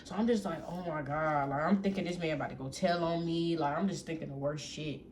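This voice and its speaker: Animated young woman telling a storytime. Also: deep voice, fast. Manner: animated, profane, keeps addressing the audience as y'all. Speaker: storytime vlogger. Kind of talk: casual storytelling to camera. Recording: faint background noise.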